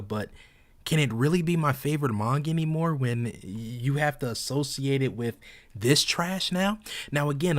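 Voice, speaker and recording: Young man ranting with rising indignation. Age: young adult. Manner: indignant, mocking rant that climbs high and loud when angry. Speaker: video host. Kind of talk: ranting video commentary.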